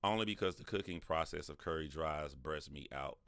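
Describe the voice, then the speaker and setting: A deep-voiced man riffs through a casual livestream. His tone is bright and forceful, and he laughs often as he answers his chat. The close, dry mic leaves no room sound. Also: fairly quick, dry recording. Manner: animated, laughs often, talks back to chat. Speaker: livestream host.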